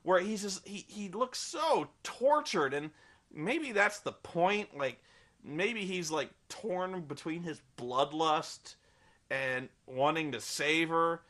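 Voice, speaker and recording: A man delivers a rambling, sarcastic film review in a high, bright voice. He swears freely and piles up fillers as he goes. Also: lively intonation, takes it slowly. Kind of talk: casual spoken film review.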